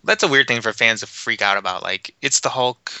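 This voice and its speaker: Man, mid pitch, very sharp crisp voice, dry sound, casual quippy co-host. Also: a little fast, dry recording. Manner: short reactions, dry quips. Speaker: podcast co-host. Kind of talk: casual chat.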